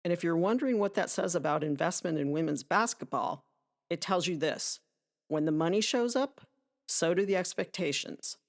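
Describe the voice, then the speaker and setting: A woman's voice: fairly low pitch, lively intonation, normal speed. A woman hosting a podcast, reading a scripted sports monologue in a conversational, emphatic way with asides to the listener. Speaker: podcast host.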